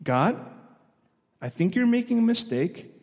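A man voicing a self-righteous prophet who argues with God in a low, grudging tone, heard with a long hall echo. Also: very animated, measured pace, darkish tone, full character voice.

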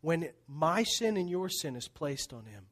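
Animated preaching man, fairly high voice. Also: measured pace. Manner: animated storytelling, laughing, then dropping to hushed tones. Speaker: pastor. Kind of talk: sermon.

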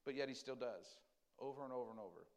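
A fast-talking pastor with a medium-pitched voice preaches in a conversational way, questioning the congregation. He swings between loud, emphatic lines and quiet, tender ones.

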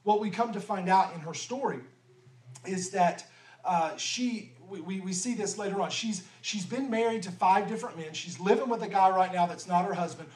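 A man's voice: high-pitched, expressive, moderate pace. A man preaching a sermon in a casual, conversational way, full of rhetorical questions. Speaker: pastor. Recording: echoey room from far off.

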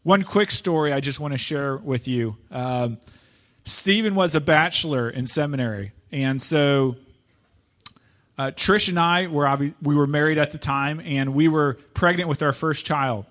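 A man, the pastor, telling a personal story to his congregation with halting restarts before introducing a guest speaker. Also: a little high. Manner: warm anecdotal, halting with restarts. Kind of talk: casual storytelling before a sermon.

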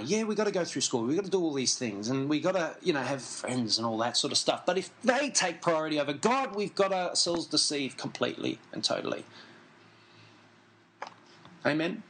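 A male preacher with a high, bright voice delivers a sermon. He talks earnestly and emphatically, repeats his key points and breaks off into casual asides to the people listening. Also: expressive, moderate pace, long pauses, slight background noise, poor audio. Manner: conversational asides to the congregation.

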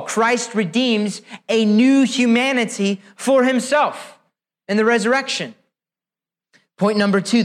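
Guy preaching a sermon, really high voice, emphatic and deliberate, lots of rhetorical questions. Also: fairly bright tone.

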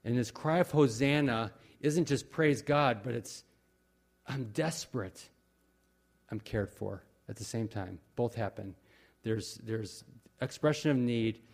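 A man preaching a sermon in a conversational, earnest way, often pausing with fillers and restarting his sentences. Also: medium pitch, a little mellow. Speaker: pastor.

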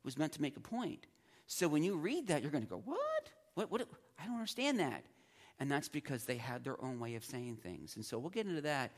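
A man teaching a class on the Bible at a medium pitch. He talks in a loose, conversational way and now and then breaks into his students' puzzled voices to make a point. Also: big pitch swings, fast. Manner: conversational, acts out students' reactions.

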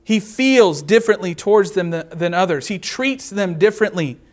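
A man preaching a sermon, reading scripture aloud and explaining it verse by verse, earnest and slowing down to stress key words. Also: high-pitched, animated. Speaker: pastor.

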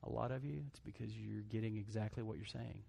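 A man's voice: fairly low pitch, steady tone, a little fast, gravelly, warm tone, slightly rough. Man preaching with call-and-response. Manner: preachy call-and-response, asks congregation for amens; jokey, acts out quoted voices. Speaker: pastor. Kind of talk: sermon.

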